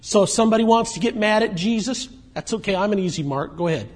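A man preaching a sermon in a conversational way, moving between emphatic points and quiet asides. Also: sits high, expressive, fast talker. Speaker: pastor.

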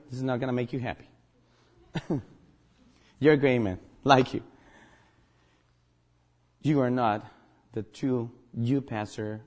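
A man's voice: mid-range voice, darkish tone. A man from Guatemala with a Guatemalan accent, a native Spanish speaker, preaching a sermon as pastor, emphatic and joking.

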